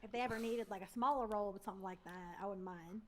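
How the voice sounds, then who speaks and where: A woman's voice: medium pitch, quick pace. A young woman chatting casually as a podcast guest, easygoing and giggly, hedging with likes and ums. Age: young adult.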